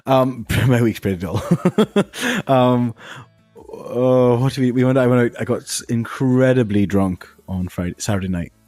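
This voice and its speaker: A man's voice: mid-range voice, lively intonation, a little slow, darkish tone, no echo, faint music behind. A young man co-hosting a podcast, chatting casually in a jokey, rambling way. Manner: jokey, rambling, laughs often. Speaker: podcast co-host. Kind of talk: casual chat.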